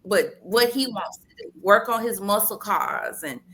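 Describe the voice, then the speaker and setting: A woman's voice: medium pitch, expressive, unhurried, creaky, a bit bright. A woman in casual podcast chat, telling a family story in an easygoing, matter-of-fact way. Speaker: podcast co-host.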